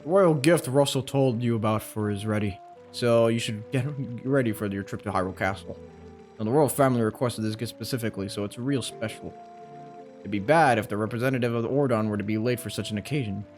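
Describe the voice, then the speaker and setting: A man voicing a middle-aged village mayor and father in a video game, in a low, gruff, fatherly tone. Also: brisk, faint music behind, natural voice.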